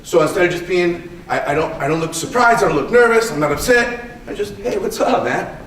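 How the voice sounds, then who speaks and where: A man's voice: high-pitched, animated, a little fast, fairly bright tone, slight background noise. A man, a martial arts instructor, giving a conversational conference talk with a live demonstration, often checking in with "right?" and repeating himself. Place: conference hall. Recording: echoey hall, voice picked up from a distance.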